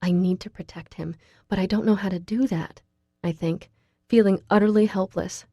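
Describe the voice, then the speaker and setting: A woman narrating a novel in first person, reading in a quiet, measured way. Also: mid-range voice, steady tone, no room sound, studio quality. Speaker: audiobook narrator.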